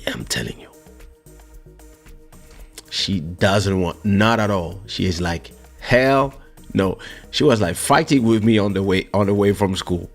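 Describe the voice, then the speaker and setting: A man with a fairly low voice hosts a podcast in an easygoing, chatty way. His pitch rises and falls a great deal as he tells stories, and he laughs often. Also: a little slow, pauses often, soft background music. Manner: animated storyteller, laughs often, swings his voice up and down. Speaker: podcast host. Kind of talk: casual chat.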